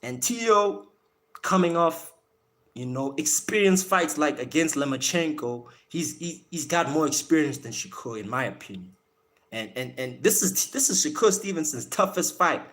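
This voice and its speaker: A man hosting a boxing talk live stream. His voice sits a little high for a man, and he talks in a loose, chatty way that often circles back on itself. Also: expressive, normal speed, fairly bright tone. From South Africa. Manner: loose, repeats words when he restarts. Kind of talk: casual live-stream commentary.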